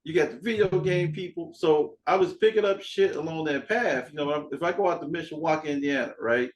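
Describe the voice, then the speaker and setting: A man hosting a podcast in casual chat, an animated storyteller who acts out dialogue and swears freely. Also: fairly high pitch, a little fast, low-quality recording. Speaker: podcast host.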